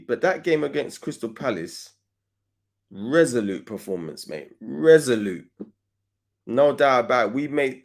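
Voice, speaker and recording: A middle-aged man talks football in a loose, slangy, swearing way. His voice jumps up high when he gets worked up and drops low and quiet when he winds down. He sits at an ordinary middle pitch for a man. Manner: emphatic and animated, swears, slangy. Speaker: host. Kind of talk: casual football fan talk.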